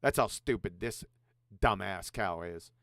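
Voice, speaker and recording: A man's voice: low-pitched, a little slow, a bit bright, dry recording, studio quality. A man hosting a show, mocking a video in abrasive, profane commentary. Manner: sarcastic, abrasive, swears a lot. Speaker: show host reacting to a video.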